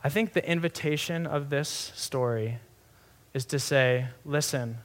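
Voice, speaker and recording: A man's voice: fairly high pitch, measured pace. A young adult man giving a sermon in a conversational, earnest way, often restarting phrases and saying "like". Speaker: pastor.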